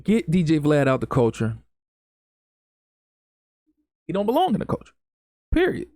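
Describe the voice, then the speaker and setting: A man's voice: on the high side, huge pitch swings, fast talker, darkish tone, no room sound, studio quality. A man hosting a solo podcast, speaking in an impassioned, emphatic way with lots of repetition and casual grammar. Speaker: podcast host.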